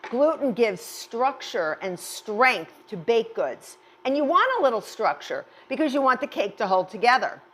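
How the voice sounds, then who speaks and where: A woman's voice: on the high side, lively intonation, moderate pace, few pauses, fairly bright tone. Chatty, reassuring woman chef teaching baking. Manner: chatty, reassuring, repeats words for emphasis. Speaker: chef demonstrating a recipe. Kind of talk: cooking demonstration.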